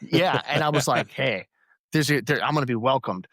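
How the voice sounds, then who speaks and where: Man, veteran guest, mid-pitch, dry close sound, animated storyteller who laughs a lot. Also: moderate pace, no room sound. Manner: lively anecdotes with frequent laughter and acted-out quotes. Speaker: podcast guest, Army veteran. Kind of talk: casual storytelling.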